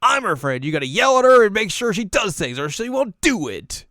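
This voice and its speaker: A man voicing a pushy, energetic teenage girl who talks brashly and loudly. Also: mid-range voice, brisk, no echo, studio quality, pitched above the performer's own voice.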